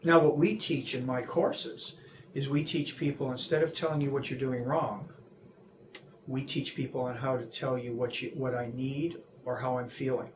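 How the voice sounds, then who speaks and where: Man, interview guest, animated talker, puts on voices for quotes, restarts sentences, mid pitch, faint background hiss. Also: normal speed. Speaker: anti-bullying seminar speaker.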